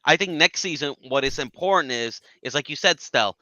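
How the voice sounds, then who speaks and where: An earnest male panelist on a video call who keeps tripping over his first words. His voice is very bright and tense, crisp and smooth. The sound is dry. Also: on the high side, expressive, brisk, no echo, muffled recording. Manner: earnest, stammers restarts. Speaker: guest panelist. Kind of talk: casual football chat.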